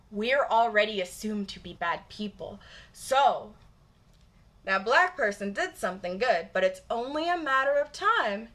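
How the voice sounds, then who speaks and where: A woman's voice: mid-range voice, pushed and bright. A woman from Michigan with a general Michigan accent, chatting bluntly and emphatically with her viewers and swearing freely. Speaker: streamer. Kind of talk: casual chat with viewers.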